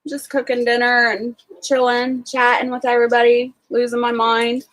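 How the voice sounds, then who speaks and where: A woman's voice: on the high side, monotone, normal speed, a bit bright, poor audio. Chatty woman with an Ohio accent. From Ohio, USA. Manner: rambling, chatty, many fillers, greets viewers. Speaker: homesteading livestream host. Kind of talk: casual livestream chat.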